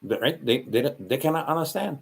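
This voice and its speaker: A man's voice: medium pitch, expressive, fairly quick, creaky, husky. A man with a Hawaiian Pidgin accent talking in a casual, rambling monologue, full of restarts and slang.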